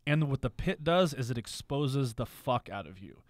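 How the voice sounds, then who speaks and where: A man's voice: medium pitch, lively intonation, moderate pace, no room sound. Raw, confessional male podcast guest. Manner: raw, confessional, swears freely. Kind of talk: candid podcast conversation.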